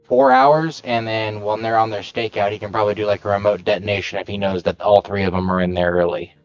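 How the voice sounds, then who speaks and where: A man's voice: lowish voice, expressive, quick pace, dry recording, highs cut off, soft background music. A man playing in a tabletop game who rambles and corrects himself as he talks. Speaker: player.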